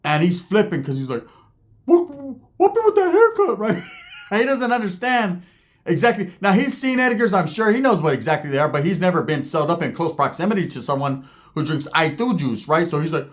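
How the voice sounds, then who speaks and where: Animated, swooping man telling profane stories. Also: a little high, a little fast. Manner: animated, slangy, cursing, asks the listener for agreement. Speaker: vlogger. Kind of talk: profane comic storytelling.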